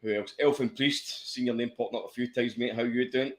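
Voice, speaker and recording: A man's voice: medium pitch, fairly even intonation, fairly quick, reverberant. A Scottish man co-hosting a casual football podcast, laid-back and stammering on his starts, with the odd swear. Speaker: podcast co-host.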